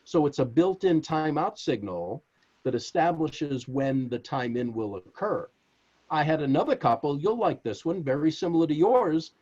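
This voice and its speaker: Male author guest, lively swooping delivery, emphatic storyteller, dull lo-fi sound. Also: a little high, moderate pace, husky. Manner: animated, emphatic storyteller who addresses the host directly. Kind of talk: interview storytelling.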